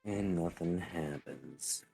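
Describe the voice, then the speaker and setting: A man's voice: sits low, gravelly, dark tone, faint music behind. A man playing a tabletop game, joking and teasing the others in a playful way. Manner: jokey, playful, quick to tease. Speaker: player. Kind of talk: casual tabletop game chat.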